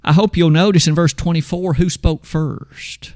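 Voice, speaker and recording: A man delivering a sermon, reading scripture aloud with slow, emphatic pauses. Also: fairly high pitch, steady tone, darkish tone, no echo, clean studio sound. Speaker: preacher.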